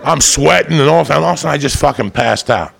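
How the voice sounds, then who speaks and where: A man's voice: fairly high pitch, fast, fairly bright tone. A man doing stand-up, telling a story in a rowdy, boisterous, profane way. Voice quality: gravelly. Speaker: stand-up comedian.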